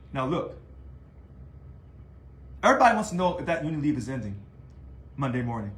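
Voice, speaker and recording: A man talking to camera in a casual video monologue about his union work, animated and taunting, full of rhetorical questions. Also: medium pitch, fairly quick, long pauses. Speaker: union leader. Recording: echoey room.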